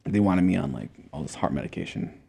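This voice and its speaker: A young man with a very low, gravelly voice and a dark, mellow tone. He is a guest telling his story in a casual interview. He talks in a laid-back way, swearing often and filling gaps with loose filler words. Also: lively intonation, fast talker. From Montana, USA.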